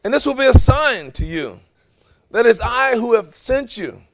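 A man's voice: very high-pitched, very animated, normal speed, dry recording, voice pushed up, full character voice. A man playing God, speaking in an upbeat, encouraging tone. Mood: reassuring. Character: reassuring, confident divine voice.

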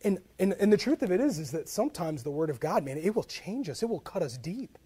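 A man preaching a sermon as a pastor, telling stories with humor in a conversational way. He is animated, dropping to soft asides and then rising into loud, emphatic bursts. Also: high-pitched, fast, husky. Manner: conversational, with frequent "like" and repeated starts.

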